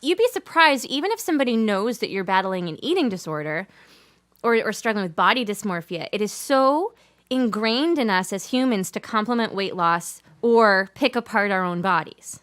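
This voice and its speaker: A woman singer-songwriter chatting between songs on a livestream, chatty and quick to laugh. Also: medium pitch, animated, a bit bright. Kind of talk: casual chat between songs.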